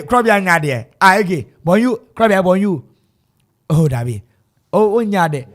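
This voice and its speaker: A man's voice: high voice, expressive, normal speed. A man co-hosting live radio football commentary, playful, breaking into chants and singing and mixing languages. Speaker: radio sports co-host.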